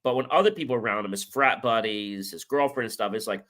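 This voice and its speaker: Bright-voiced man telling stories. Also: on the low side, fast, hardly any pauses. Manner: casual storytelling, acts out quoted dialogue. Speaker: show host. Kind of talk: motivational talk with personal stories.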